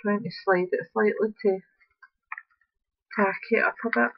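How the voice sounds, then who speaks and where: A woman's voice: medium pitch, fairly even intonation, a little slow, vocal fry, lo-fi sound. A woman, chatting casually while demonstrating a craft project at home and thinking aloud as she works. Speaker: craft tutorial host. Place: upstairs room at home.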